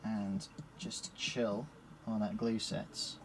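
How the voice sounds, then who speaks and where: A man's voice: on the low side, level tone, slow, a little hiss or hum. A man with a Scottish accent chatting casually on a live stream while setting up puzzle cubes in a shed. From Scotland. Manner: chatty, cheerful, talks while working with his hands.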